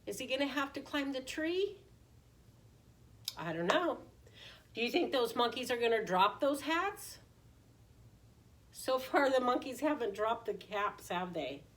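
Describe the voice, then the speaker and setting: High, slow-reading preschool teacher woman. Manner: animated, asks the children many questions. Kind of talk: reading a picture book aloud to children. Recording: voice distant from the mic.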